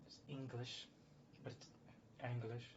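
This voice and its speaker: A man's voice: mid-range voice, steady tone, fairly quick, background noise. An American man talking in a meandering casual monologue, often correcting himself and chuckling. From United States. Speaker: streamer. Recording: slightly dull lo-fi sound with faint background ambience.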